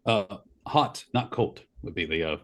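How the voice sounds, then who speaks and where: A man's voice: low-pitched, lively intonation, unhurried. A man playing a tabletop role-playing game, hesitant and dryly funny as he describes his character. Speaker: player.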